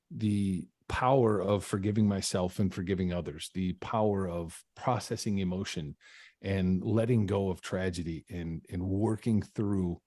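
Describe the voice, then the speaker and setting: Brief: low-pitched man, earnest guest storytelling, dry close sound. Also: mellow, no room sound. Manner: earnest, reflective, with repeated restarts. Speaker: podcast guest. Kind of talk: casual storytelling.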